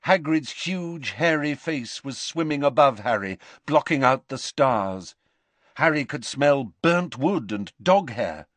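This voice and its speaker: Expressive male audiobook narrator. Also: medium pitch, dry recording. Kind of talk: scripted narration.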